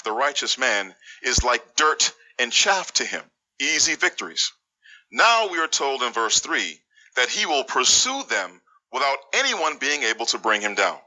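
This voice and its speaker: Bright-voiced man giving a blunt lesson. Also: mid-range voice, poor audio. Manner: blunt, scornful, deliberate spelling-out of words. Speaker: Bible language teacher. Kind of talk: scripted Hebrew word-by-word lesson.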